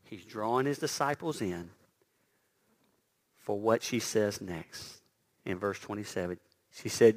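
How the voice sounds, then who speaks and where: Dynamic male preacher, loud to hushed. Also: lowish voice, measured pace, pauses often. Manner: dynamic, swinging from loud emphasis to near-whispered quotes; stumbles and repeats words when excited. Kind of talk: sermon.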